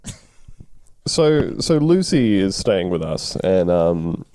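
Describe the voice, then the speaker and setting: A man's voice: low voice, big pitch swings, takes it slowly, mellow, no echo, clean studio sound. A man with an Australian accent, co-hosting a podcast in a laid-back, rambling, sweary way. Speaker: podcast co-host. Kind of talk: casual chat.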